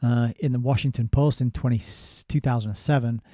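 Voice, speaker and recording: A man's voice: mid-range voice, steady tone, a little fast, warm tone, no room sound, clean studio sound. A man giving a casual spoken book review. He reads passages aloud, breaks off into sardonic asides and often restarts his sentences.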